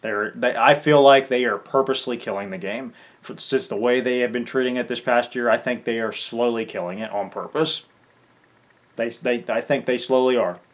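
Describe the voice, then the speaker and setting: A man's voice: medium pitch, fairly even intonation, normal speed. Angry man ranting, swearing. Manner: angry, swearing, stumbling over words. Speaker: gaming content creator. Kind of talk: angry farewell rant to camera.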